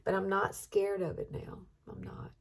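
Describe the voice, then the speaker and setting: Chatting through her makeup routine, a fiftysomething woman from Alabama speaks at a moderate pace in a medium-pitched, monotone voice with vocal fry. The get-ready-with-me vlog turns warm-hearted and emotional, and now and then she's nearly tearful.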